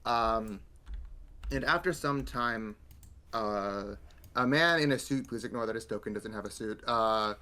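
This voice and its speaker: A man narrating as game master of a tabletop role-play, halting with many ums and uhs. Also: lowish voice, sharp tone, clear, resonant tone.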